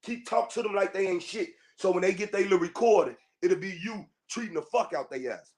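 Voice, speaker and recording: A man's voice: high-pitched, fairly quick, darkish tone. A man hosting a podcast, delivering a heated, profane monologue straight at his listeners, confrontational and full of repetition. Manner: profane, confrontational, repeats himself. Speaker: podcast host.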